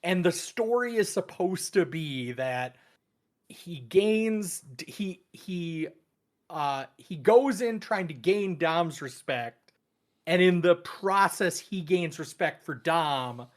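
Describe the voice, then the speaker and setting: A man co-hosting a movie podcast, speaking in a measured, thoughtful way with many hesitations. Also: fairly high pitch, animated. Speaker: podcast co-host. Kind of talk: casual movie discussion.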